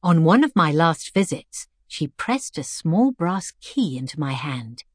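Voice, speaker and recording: Husky, low-voiced woman narrating a story. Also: big pitch swings, no room sound, clean studio sound. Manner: measured, reflective storytelling. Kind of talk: scripted first-person story narration.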